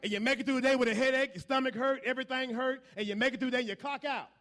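A man preaching a sermon, building from quiet asides to loud call-and-response shouts. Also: extremely high pitch, fairly even intonation, very fast.

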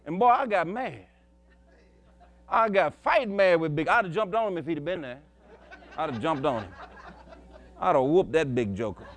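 High-voiced folksy male preacher. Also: lively intonation, moderate pace, long pauses. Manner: folksy, chuckling, emphatic storyteller. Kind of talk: storytelling sermon.

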